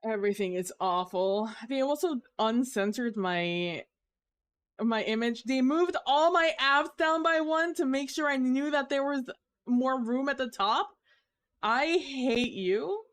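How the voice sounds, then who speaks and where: A woman streamer chatting casually to her audience, complaining dramatically with drawn-out groans and exasperated sighs. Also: on the high side, lively intonation, clean tone. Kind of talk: casual live-stream chat.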